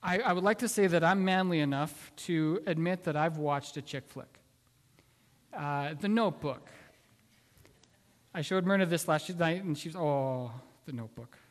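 A man preaching a sermon, telling a story in an earnest, halting way with many restarts. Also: a little high, in a large hall. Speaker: pastor.

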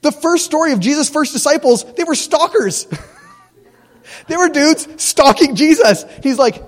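A man's voice: very high-pitched, expressive, moderate pace, long reverb tail. A man preaching a casual, jokey sermon as a youth pastor, often laughing at his own lines.

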